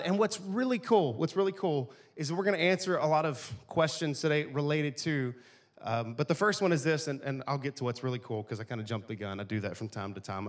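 A pastor delivers his sermon like a chat with friends, full of jokes and asides. His voice sits a little higher than most men's. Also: fairly quick. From East Texas, USA. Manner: casual, joking, conversational preaching.

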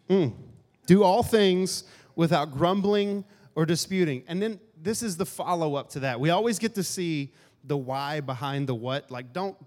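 Male pastor, casual joking sermon, slightly high voice, long hall reverb. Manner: joking, conversational, acts out grumbling asides.

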